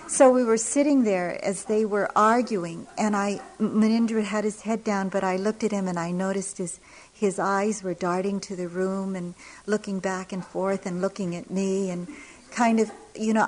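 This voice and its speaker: Middle-aged woman teacher, warm storytelling dharma talk, unhurried with light laughs. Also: mid-range voice, a little hiss or hum, poor audio. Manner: gentle storytelling with soft laughs. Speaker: meditation teacher. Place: retreat center hall.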